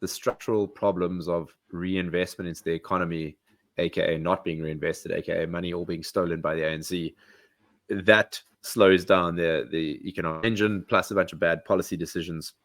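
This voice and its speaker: A very deep-voiced man hosts a podcast, making his points in a brisk, opinionated way. His voice sounds close and dry, with no room around it. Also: fairly even intonation, no room sound. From South Africa. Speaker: podcast host. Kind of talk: casual podcast chat.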